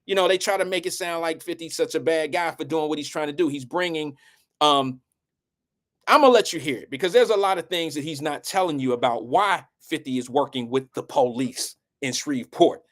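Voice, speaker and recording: A man's voice: on the high side, a little fast, a bit bright. A man hosting a live show, giving blunt and preachy casual commentary.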